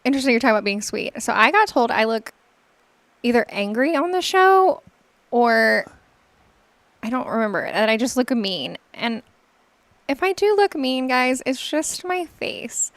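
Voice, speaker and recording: Woman cohost on a morning show, higher voice, teasing and joking about herself. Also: lively intonation, a bit bright, no room sound. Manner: quick, teasing, self-deprecating. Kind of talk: casual morning show chat.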